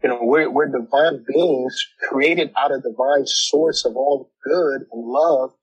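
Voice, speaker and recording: A man's voice: medium pitch, fairly even intonation, unhurried, husky, highs cut off. A man in his forties or older, reflective and a little sarcastic, talking through his past church years in casual conversation and often repeating words as he builds a point.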